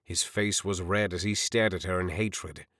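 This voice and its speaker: A man narrating a fantasy audiobook in an expressive, measured storytelling manner. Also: low voice, no echo, clean studio sound. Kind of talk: scripted narration.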